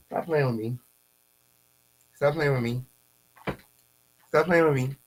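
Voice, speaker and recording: Animated commentary guy with a faint hum. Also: normal speed, long pauses, poor audio. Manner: animated, repeats catchphrases, pitch jumps up when excited. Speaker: commentary host. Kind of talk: casual commentary reacting to posts.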